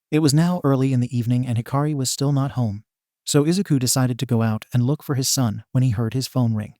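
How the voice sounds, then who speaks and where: A man narrates an audio story at a steady, even reading pace. His voice sits at a middle pitch and is recorded close and dry, with nothing around it. The delivery stays plain and measured throughout. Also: no echo.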